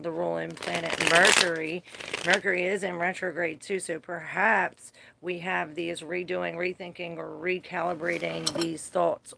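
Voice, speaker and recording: A woman with a low, gravelly voice reads tarot cards live for her audience. She keeps it loose and chatty, laughing easily and dropping curse words along the way. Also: pushed and bright. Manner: chatty, swears freely, laughs often. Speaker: tarot reader. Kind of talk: casual live tarot reading.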